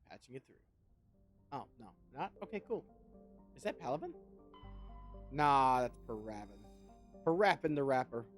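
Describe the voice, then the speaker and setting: A man streaming a video game, chatting casually and wryly to viewers, swearing freely as he plays. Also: on the high side. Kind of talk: casual gameplay commentary.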